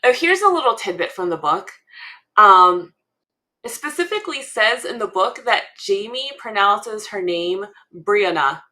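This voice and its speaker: Slow, bright-voiced woman chatting as a fan. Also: mid-range voice, expressive. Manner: chatty, thinking aloud with frequent ums and laughs. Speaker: podcast co-host. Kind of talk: casual fan analysis chat.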